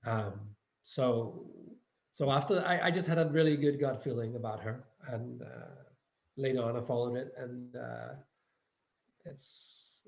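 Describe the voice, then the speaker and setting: A man's voice: medium pitch, fairly even intonation, unhurried, vocal fry, a little mellow. A Danish man speaking English with a Danish accent, a guest actor chatting casually and restarting his sentences as he searches for words. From Denmark. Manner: stop-start, repeating words while searching for them. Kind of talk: casual interview chat. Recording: roomy, slightly dull audio.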